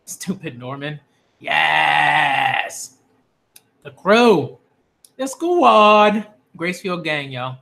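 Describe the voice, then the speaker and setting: A man giving live reaction commentary as a manga critic, excitable and slangy, gushing over what he reads. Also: a little high, drawn-out words, gravelly.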